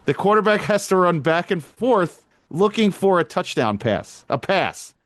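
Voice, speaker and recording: A male podcast co-host in loose, casual chat, telling his stories with lots of energy and plenty of swearing. His voice sits a little high for a man, and it is recorded close and dry with no room sound. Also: measured pace, no echo. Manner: animated storytelling, swears freely.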